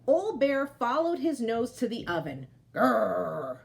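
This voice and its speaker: A woman teacher reads a storybook aloud to children. Her voice is fairly high and moves up and down a lot. Now and then she pauses to ask the listeners questions and explain what is happening. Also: sing-song, a little mellow.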